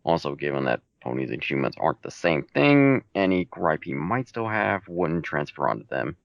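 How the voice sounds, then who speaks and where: A man's voice: very deep voice, sing-song, moderate pace, creaky, no room sound. A man answering reader questions about his fan fiction in a casual, laid-back Q&A chat, with dry, matter-of-fact answers. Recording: dull home mic recording.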